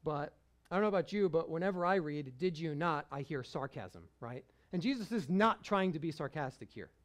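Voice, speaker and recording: Male pastor, relaxed sermon delivery, laughs easily. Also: on the high side, fairly quick. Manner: conversational, chuckles while he preaches.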